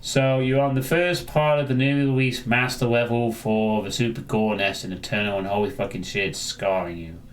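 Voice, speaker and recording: A man's voice: fairly low pitch, fairly even intonation, normal speed, few pauses, slight background noise. Rambling man chatting on stream. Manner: rambling, answers chat, frequent restarts. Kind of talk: casual live-stream chat.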